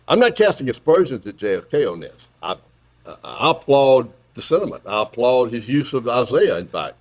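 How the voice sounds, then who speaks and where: A male philosophy professor giving a public lecture in an auditorium, talking in an animated, joking way with frequent restarts. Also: medium pitch.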